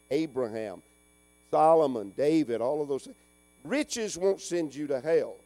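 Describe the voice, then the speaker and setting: A middle-aged man preaching a folksy call-and-response sermon, swinging between loud urging and hushed asides. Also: medium pitch. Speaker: pastor.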